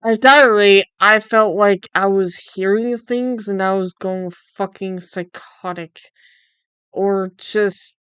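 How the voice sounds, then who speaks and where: A woman's voice: mid-range voice, slow pace, fairly bright tone, clean tone, no room sound, muffled recording. A young woman livestreamer chatting casually, incredulous and swearing freely. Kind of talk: casual chat while drawing.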